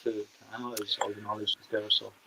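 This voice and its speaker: A man's voice: fairly low pitch, flat delivery, quick pace, sharp tone, slightly rough, rough recording. A man with an Irish accent hosting a conversational podcast interview. He talks in an earnest, persuasive way and repeats words to stress a point. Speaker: podcast host.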